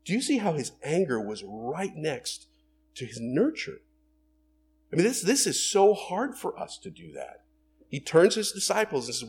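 A man's voice: fairly high pitch, huge pitch swings, normal speed, a little mellow, husky. A man preaching a sermon in an earnest way, building to emphatic bursts and acting out the quoted lines. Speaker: pastor.

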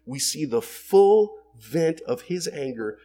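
A man's voice: fairly high pitch, expressive, slow pace, mellow, slight background noise. A man preaching a sermon in an earnest way, building to emphatic bursts and acting out the quoted lines. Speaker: pastor.

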